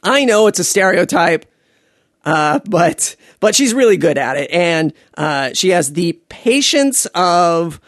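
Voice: mid-range voice, very animated, slow, fairly bright tone, no echo, studio quality. A podcast host telling a rambling comedic story, digressing into jokes and asides with plenty of fillers.

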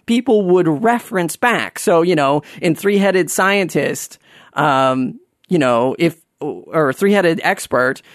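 A man telling a personal story to an audience in a self-mocking, halting way, with many restarts. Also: on the high side, dry recording, clean studio sound.

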